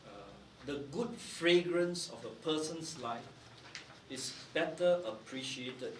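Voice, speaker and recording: A man's voice: a little high, a bit bright, slight background noise. A man in his sixties preaching a sermon as pastor at a prayer meeting, explaining carefully and often checking with "right?". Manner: measured, explanatory, frequent "right?" and "uh". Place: church hall. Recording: echoey church hall, mic at a distance.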